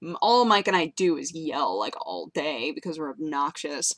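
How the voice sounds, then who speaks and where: Young woman chatting to her vlog cam, bit low-voiced, giggly and rambly. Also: very animated, normal speed, a bit bright, no echo. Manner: bubbly, rambling, giggly storytelling with playful voices. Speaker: vlogger. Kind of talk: casual chat to camera.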